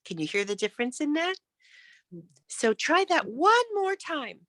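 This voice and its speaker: Slow, bright-voiced woman speaking coach. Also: on the high side, sing-song, no echo. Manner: encouraging, demonstrates falling intonation. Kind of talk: online workshop coaching.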